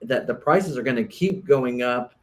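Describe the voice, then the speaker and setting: A man's voice: medium pitch, normal speed. A man, a realtor, co-hosting a casual podcast chat, explaining earnestly and often restarting his sentences.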